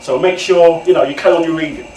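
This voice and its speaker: Man voicing older male cellmate, chanting, preachy, high voice, noisy room. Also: fairly even intonation, quick pace, darkish tone, close to an everyday voice. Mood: earnest. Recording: echoey far-off room, noisy.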